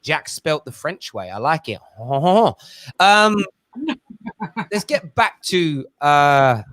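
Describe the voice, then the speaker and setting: Man, host, casual football chat, bright high voice, dry close sound. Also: very slow, dry recording. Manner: animated storytelling, mimics his kids. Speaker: show host.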